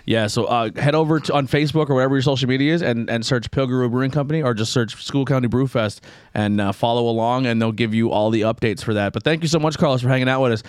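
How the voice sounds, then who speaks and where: A man's voice: mid-range voice, fast, clean tone, no room sound, studio quality. A man hosting a podcast, talking loosely and rambling, swearing freely as he goes. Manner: loose, profane, rambling storyteller. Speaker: podcast host. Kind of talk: casual chat. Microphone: podcast microphone.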